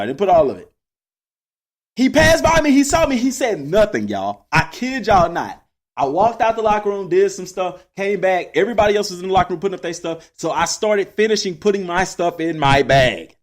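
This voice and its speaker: A young man from Texas, telling a personal story casually to his listeners. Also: sits high. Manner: animated, addresses listeners as y'all. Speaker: podcast host.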